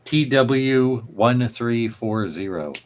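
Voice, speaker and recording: A man's voice: mid-range voice, expressive, slow pace. A man co-hosting a live stream, chatting casually and helpfully, passing on tips and chat comments.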